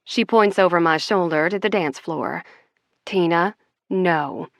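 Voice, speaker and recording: A woman's voice: on the low side, measured pace, gravelly, no room sound, studio quality. Woman doing a blunt, teasing bartender friend. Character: brash pierced female bartender, fiercely loyal friend. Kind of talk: audiobook character voice.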